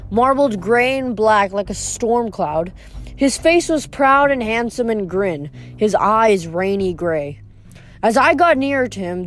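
Woman reading a book out loud, mid pitch, bit of music quietly behind. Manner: steady first-person storytelling with small slips. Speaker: reader. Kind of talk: reading a novel aloud.

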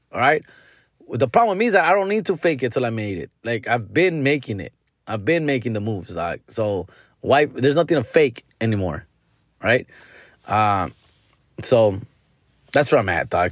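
A man's voice: mid-range voice, a bit bright, no room sound, clean studio sound. A man hosting his own podcast in a loose, casual monologue, full of slang and profanity, calling listeners dog and fool and dropping bits of Spanish slang. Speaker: podcast host.

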